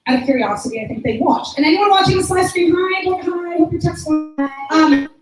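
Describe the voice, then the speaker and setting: A woman's voice: very high-pitched, a little fast, soft background music. A woman hosting a student recital as the drama teacher, talking in a chatty, rambling, effusive way with lots of fillers. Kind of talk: emcee remarks at a student recital. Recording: echoey room.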